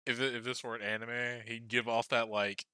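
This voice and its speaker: A man's voice: mid-range voice, little pitch movement, a little fast, sharp tone, smooth, dry recording. A man who runs a tabletop game as game master, narrating loosely and laughing, often swearing.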